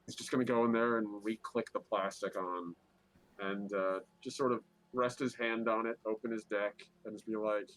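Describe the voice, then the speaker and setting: A man's voice: fairly low pitch, steady tone, normal speed, fairly bright tone, no echo, low-quality recording. A man playing a tabletop game, narrating his character's actions with many hesitations. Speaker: player.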